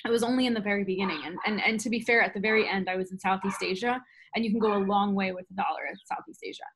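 A woman in her thirties, a podcast guest telling a travel story in a lively, casual way, often laughing and acting out quoted dialogue. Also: mid-range voice, rapid-fire, slight background noise.

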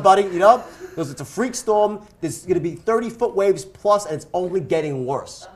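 A man telling a wild story as a guest speaker, in an animated way and acting out the voices he quotes. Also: high voice, normal speed.

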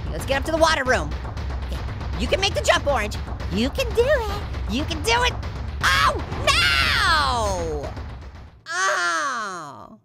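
A woman giving excitable, jokey let's-play commentary as a video game streamer, talking to her viewers as she plays. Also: high-pitched, quick pace, over loud music.

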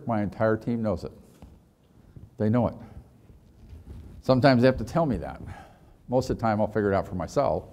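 A man's voice: lowish voice, darkish tone. Man giving a leadership workshop. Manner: rhetorical questions to the audience. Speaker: leadership trainer. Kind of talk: workshop talk with a parable.

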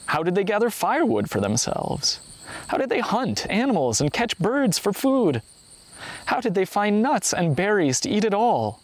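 A man reading a traditional folktale aloud in a measured, expressive storytelling manner. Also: sits high. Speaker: story reader.

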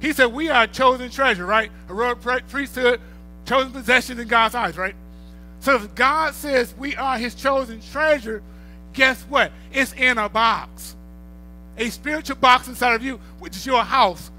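A man's voice: very high-pitched, moderate pace, pushed and bright, faint music behind. A middle-aged male pastor, preaching a sermon with rising bursts of volume and storytelling.

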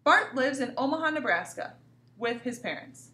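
A woman's voice: sits high, animated, moderate pace, sharp tone, recorded from a distance. A woman teacher giving a cheerful, encouraging grammar lesson to young children, speaking to them directly. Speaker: elementary school teacher. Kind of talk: recorded remote grammar lesson. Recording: echoey room, voice from off mic.

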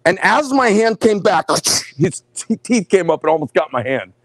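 A middle-aged man hosting a live knife sales show, telling rambling, animated stories between showing each knife. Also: high voice, normal speed, no echo. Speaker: host presenting knives.

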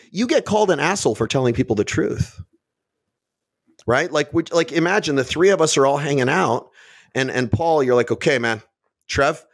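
A man's voice: medium pitch, dry recording, clean studio sound. A man talking as a podcast guest in a casual interview, blunt and brash, swearing freely and acting out other people in put-on voices. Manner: acts out quoted people in different voices. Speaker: podcast guest, fitness business owner.

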